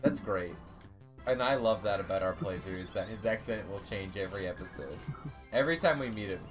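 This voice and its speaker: A man's voice: lowish voice, animated, a little fast, over music. A man playing a video game with a friend, laughing and teasing in casual banter.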